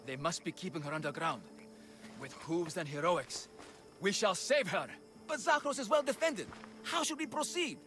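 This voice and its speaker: A man's voice: high voice, lively intonation, moderate pace, fairly bright tone. An actor playing a bumbling, cheerful father in a Minotaur costume in a video game, with an eager, theatrical manner. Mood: proud. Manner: theatrical, eager, boastful roaring. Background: game music.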